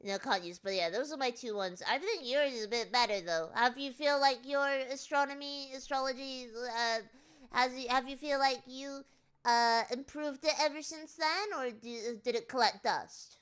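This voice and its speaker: A woman's voice: sits high, moderate pace, a bit bright, smooth. A woman from Britain hosting a stream, chatting casually and playfully, often repeating herself. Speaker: streamer host. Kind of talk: casual chat.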